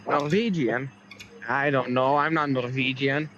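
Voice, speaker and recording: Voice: medium pitch, steady tone, a little slow, lo-fi sound, background noise. A playful friend on voice chat, joking about doing accents while gaming.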